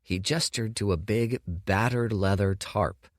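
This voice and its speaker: A man narrating an audiobook with measured, expressive storytelling on a close studio mic. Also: fairly low pitch, no echo. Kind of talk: scripted narration.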